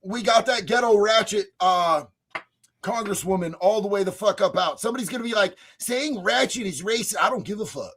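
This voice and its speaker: A man hosting a livestream, telling crude stories in a profane, boisterous way, swinging between loud bursts and mutters. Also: high voice, brisk, slight background noise. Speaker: streamer host. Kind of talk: crude comedic storytelling on a livestream.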